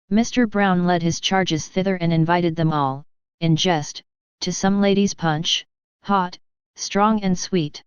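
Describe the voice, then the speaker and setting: A woman reads an audiobook in a measured, steady narration. Her voice is low, with very crisp articulation. The recording is dry and a little muffled. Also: dry recording. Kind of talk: scripted narration.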